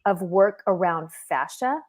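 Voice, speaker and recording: A woman's voice: lowish voice, lively intonation, slow pace. A middle-aged woman telling a personal story as a guest on a live stream, speaking earnestly and vividly over a video call. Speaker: guest panelist.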